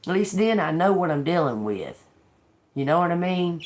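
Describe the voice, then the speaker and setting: A woman's voice: fairly low pitch, sing-song, normal speed, darkish tone. A woman tarot reader talking in a casual, rambling monologue, blunt, sarcastic and full of swearing, laughing between remarks. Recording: noisy home recording.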